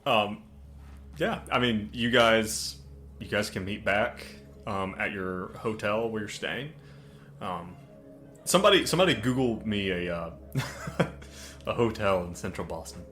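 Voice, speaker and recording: Sex: man. Role: bright-voiced game master. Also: lowish voice, expressive, unhurried, pauses often, soft background music. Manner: laid-back, laughing. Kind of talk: running a tabletop game.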